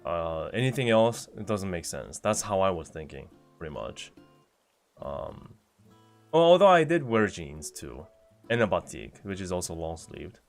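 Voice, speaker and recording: A man's voice: low-pitched, big pitch swings, unhurried, creaky, soft background music. A man streaming casually, reading viewer messages aloud and answering them one by one in a chatty way. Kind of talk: casual livestream chat.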